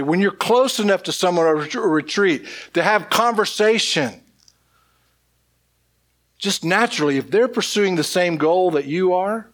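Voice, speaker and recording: A male pastor delivering a sermon in a voice pitched a little high for a man. He builds each point with repeated phrases and rhetorical questions. At times he drops almost to a whisper for emphasis.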